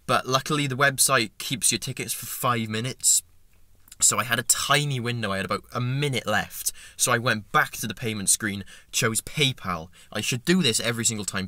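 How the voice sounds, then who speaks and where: A young man vlogging impulsively, emotional and stumbling over his words as he rushes through his story. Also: medium pitch, sharp tone, no echo. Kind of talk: impulsive excited vlog.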